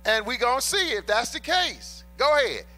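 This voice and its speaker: Animated bright-voiced male preacher. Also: extremely high pitch, moderate pace, faint music behind. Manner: emphatic, colloquial preaching with repeated refrains; addresses the congregation as brothers and sisters. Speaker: pastor. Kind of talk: sermon.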